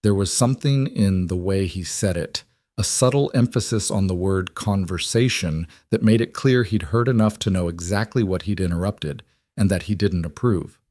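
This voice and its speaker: A man reads a scripted story at a steady, even pace. His voice sits low and the sound is dry and close. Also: moderate pace, dry recording. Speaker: narrator. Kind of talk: scripted narration.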